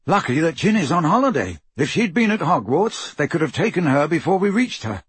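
A man voicing a young adult man who explains things briskly, in a higher and louder voice than his narration. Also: sing-song, slightly rough, dry recording, full character voice. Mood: urgent.

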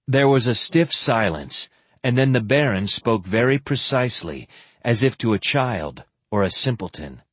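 A man reading an audiobook in a measured narrating style. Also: medium pitch, expressive, fairly bright tone, husky, dry recording. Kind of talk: scripted narration.

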